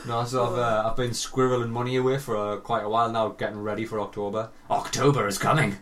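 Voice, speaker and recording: A man in his thirties chatting as a podcast host in an ordinary mid-range voice. He swears freely and jokes around, breaking into loud laughs. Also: mid-range voice, little pitch movement, fast, slight background noise. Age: 30s. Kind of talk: casual podcast chat.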